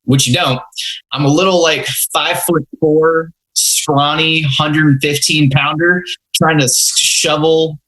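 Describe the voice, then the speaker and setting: A man's voice: a little high, steady tone, takes it slowly, a bit bright, low-quality recording. A young man hosting a podcast, telling rambling, self-mocking stories about his first jobs in a casual way. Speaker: podcast host. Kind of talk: casual storytelling.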